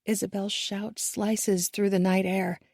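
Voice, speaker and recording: A woman narrating a first-person thriller audiobook in a measured, hushed and tense manner. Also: mid-range voice, little pitch movement, no room sound, clean studio sound.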